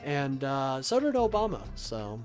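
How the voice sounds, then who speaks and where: A man's voice: medium pitch, big pitch swings, unhurried, faint music behind. A young adult man hosting a livestream, reading chat and arguing back in a sarcastic, combative way, often calling people "my friend.". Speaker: livestream host taking calls and reading chat. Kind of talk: casual political livestream talk.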